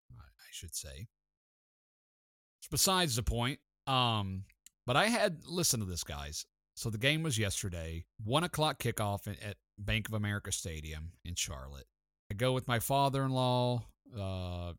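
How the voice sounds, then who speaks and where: A man hosting a sports talk show, telling stories in an excited, chatty way. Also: on the low side, dry recording, clean studio sound. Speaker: sports podcast host. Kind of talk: casual sports talk storytelling.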